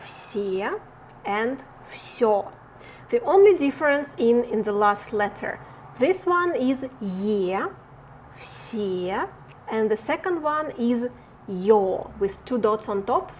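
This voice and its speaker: Slow, careful Russian-accented woman teacher. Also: a little high, expressive, a little mellow, a little hiss or hum. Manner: slow and careful, repeating example words. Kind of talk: online language lesson.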